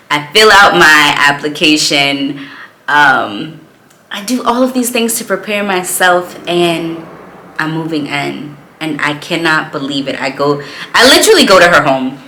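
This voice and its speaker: A woman's voice: deep voice, slow pace, sharp tone, reverberant, a little hiss or hum, low-quality recording. A woman and small business owner telling a personal story in a vlog, earnest and reflective as she talks about her faith.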